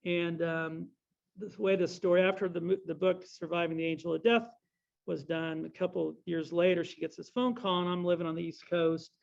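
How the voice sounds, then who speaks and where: Gravelly high-voiced man telling stories. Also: fairly even intonation, normal speed. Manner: rambling storyteller, self-correcting. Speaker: guest speaker. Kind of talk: anecdotal talk with Q&A. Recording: dull lo-fi recording.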